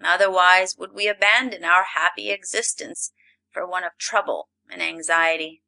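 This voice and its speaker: A woman voicing a stern, grizzled old male forest lord in a storybook reading, speaking slowly and solemnly. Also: fairly low pitch, steady tone, creaky, pushed and bright, poor audio. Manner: slow, solemn, commanding.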